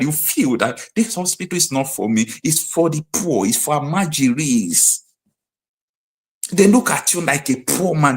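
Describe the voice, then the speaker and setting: A man with a Nigerian accent hosting a live political commentary stream, emphatic and hammering his points home by repeating them. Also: medium pitch. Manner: emphatic, repeats key phrases like a preacher.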